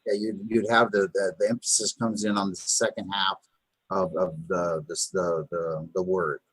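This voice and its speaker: A man's voice: low voice, little pitch movement, normal speed, husky, dry recording. A man teaching a beginners' Hebrew lesson, patiently repeating words and sounding them out, with many fillers and restarts. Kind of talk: live online lesson. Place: Chabad house.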